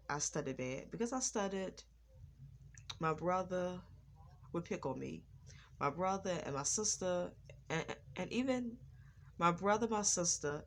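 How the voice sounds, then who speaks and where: A woman vlogger talking to her viewers, stuttering at times and repeating words and phrases in an earnest, preachy way. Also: on the low side. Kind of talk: personal talk to camera.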